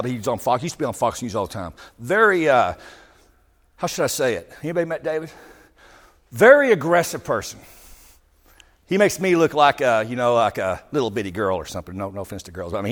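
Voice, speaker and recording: A man giving an impassioned speech to a live audience, talking emphatically and swinging from loud outbursts to low asides. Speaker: public speaker addressing a live audience. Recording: long hall reverb.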